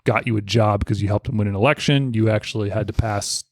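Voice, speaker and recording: A man's voice: lowish voice, quick pace, no room sound, studio quality. A man co-hosting a casual history podcast who reads from notes and laughs between points. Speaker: podcast co-host.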